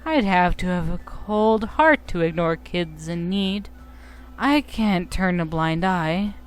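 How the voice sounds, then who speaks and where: A woman voicing a falsely kindly male creature in a game, slow and unctuous. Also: lowish voice, animated, smooth. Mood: smarmy. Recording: faint game music behind.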